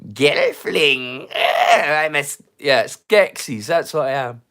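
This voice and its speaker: A man voicing a villainous male Skeksis creature with a harsh, crying shout. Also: on the high side, lively intonation, takes it slowly, voice pushed down. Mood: hungry.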